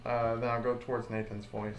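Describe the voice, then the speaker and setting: A man's voice: mid-range voice, level tone, fairly quick, music in the background. A man playing in a tabletop game who asks a lot of questions and laughs at his own rolls. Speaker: player. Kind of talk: casual tabletop game talk. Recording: echoey room, background noise.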